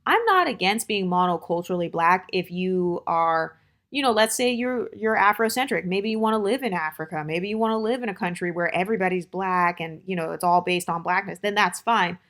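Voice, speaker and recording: A woman's voice: medium pitch, fairly bright tone. An American woman hosting her channel, giving dating advice in a blunt, opinionated, chatty monologue full of fillers. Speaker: channel host.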